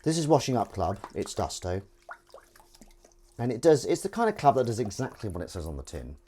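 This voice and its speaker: A Southern English man hosts a casual livestream from his kitchen sink, rambling and joking as he reads out viewer messages. His pitch jumps around animatedly from phrase to phrase. Faint kitchen noise sits quietly under his voice. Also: very animated, brisk. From England. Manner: rambling, jokey, reads chat aloud. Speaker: livestream host. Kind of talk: casual chat while washing dishes. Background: running water and clinking dishes.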